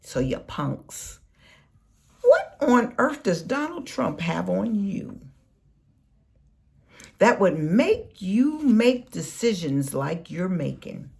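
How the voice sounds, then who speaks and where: Lady ranting on her vlog, slow and preachy, voice jumps all over the place. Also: gravelly. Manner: scolding, preachy, lively pitch swings. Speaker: political commentary vlogger. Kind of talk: impassioned political rant.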